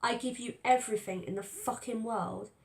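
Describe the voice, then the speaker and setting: A woman's voice: a little high, steady tone, moderate pace, vocal fry. Woman reading as a menacing, sneering young man. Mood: yelling. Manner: snarling, mocking insults. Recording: roomy echo.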